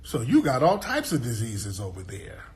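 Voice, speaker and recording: A man's voice: medium pitch, huge pitch swings, moderate pace. A man speaking as a guest in a casual monologue, emphatic and streetwise, often cursing and asking the listener for agreement. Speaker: guest commentator.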